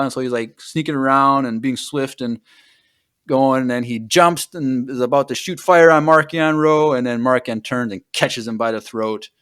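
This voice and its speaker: This male podcast host has a mid-range, somewhat bright, clean voice and speaks at a moderate pace. He retells a book casually, rambling with plenty of fillers and letting his thoughts trail away.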